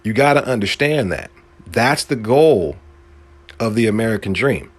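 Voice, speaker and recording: A man talks through a loose, profanity-laced podcast rant and jumps his pitch up and down. His delivery is lively and full of swings. The sound is dry and close, with no room around it. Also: moderate pace, no echo. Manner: animated, swings pitch up for emphasis, profane street slang. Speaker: podcast host. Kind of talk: casual monologue commentary.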